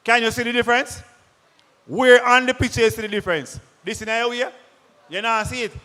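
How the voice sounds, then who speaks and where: High-voiced Jamaican man pitching to a hall. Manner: energetic, quizzes the crowd with rapid questions. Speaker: product presenter at a farmers' forum. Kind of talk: lively sales presentation to a live audience. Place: large conference hall. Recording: long hall reverb.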